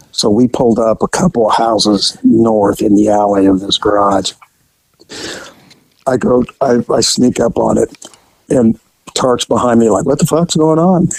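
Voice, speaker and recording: A man, a former police officer, telling a profane anecdote in an animated, casual way. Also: mid-range voice, creaky, husky, dry recording, poor audio. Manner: animated, profane, laughing at own story.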